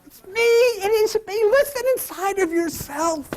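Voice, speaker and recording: A man teaching a Bible lesson like a sermon, with emphatic, repetitive preaching that swings from loud to whispered, often quizzing his listeners. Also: extremely high pitch, animated, moderate pace.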